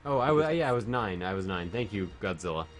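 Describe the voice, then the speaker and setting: A man's voice: deep voice, lively intonation, fast talker, faint music behind. A man streaming a video game while drunk, chatting casually, rambling and swearing a lot.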